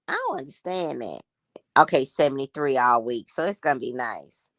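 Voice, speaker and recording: A woman's voice: very deep voice, expressive, moderate pace, dry recording, clean studio sound. Chatty gossiping woman in her sixties. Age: 60s. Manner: chatty, gossipy, addresses viewers as y'all. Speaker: livestream host. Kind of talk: casual chat.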